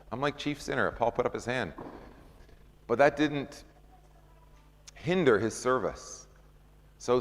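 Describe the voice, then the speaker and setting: A man leading an informal Bible study, talking conversationally, asking the group questions and acting out scripture scenes. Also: medium pitch. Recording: long hall reverb.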